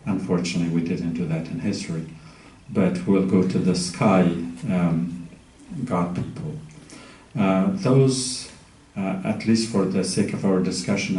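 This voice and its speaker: A man giving a measured academic lecture, pausing often with ums and uhs. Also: low-pitched, warm tone. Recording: echoey room, mic far off.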